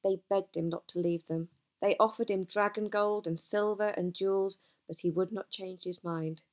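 Calm woman reading a storybook aloud. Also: on the low side, moderate pace. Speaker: audiobook narrator. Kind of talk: storybook narration.

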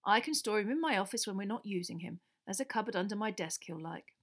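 A calm, kindly male wizard teacher, voiced by a woman reading aloud, explaining things patiently and evenly. The delivery stays measured, close to the reader's own voice. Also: medium pitch. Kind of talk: audiobook character voice.

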